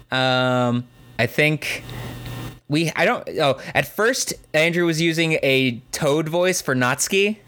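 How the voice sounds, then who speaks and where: A man's voice: a little high, animated, slow, a bit bright, slight background noise. A man co-hosting a podcast in casual chat, rambling with many fillers and restarts and laughing easily. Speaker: podcast co-host.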